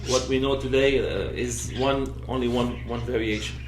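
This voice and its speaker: A man's voice: medium pitch, fairly even intonation, normal speed. A man teaching a class on Islamic law, explaining step by step, often checking "okay?", and switching between English and recited Arabic text. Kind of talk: classroom lecture. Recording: roomy, faint background noise.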